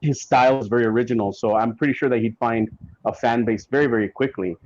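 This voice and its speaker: A man guest on a podcast, telling stories in a casual, animated way and acting out what others said. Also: mid-range voice, fast talker, no room sound. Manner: animated, acts out quotes from people in his stories. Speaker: guest comic writer. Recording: dull lo-fi sound.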